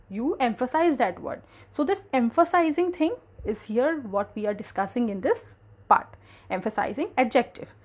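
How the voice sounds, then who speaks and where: Lady teacher, slow and patient, kinda high voice that bounces around a lot. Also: a little mellow. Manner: slow, repeats key terms, explains patiently. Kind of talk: grammar lesson.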